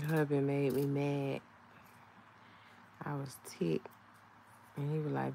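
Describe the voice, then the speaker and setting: A woman chats casually while doing her nails at home, laughing often and talking to herself. Her voice sits low and gravelly, and she takes her time. A faint background hiss runs under the recording. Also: little pitch movement, extremely slow, pauses often, dark tone. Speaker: nail vlogger. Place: home, indoors.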